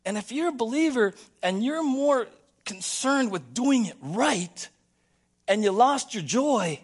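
A man preaching a sermon as pastor in a church, playful and animated, acting out little scenes for the congregation. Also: very high voice, measured pace, breathy edge. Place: church sanctuary.

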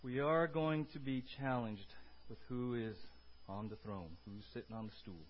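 A male pastor giving an animated sermon, with sudden shouts and calls for the congregation to answer. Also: medium pitch, normal speed, lo-fi sound.

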